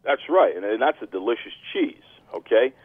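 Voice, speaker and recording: Brash, boastful podcast host playing a heel, lively and husky, phone-quality sound. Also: male voice, on the low side, brisk, dry recording. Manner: boastful, theatrical heel persona. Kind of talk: brash wrestling podcast talk.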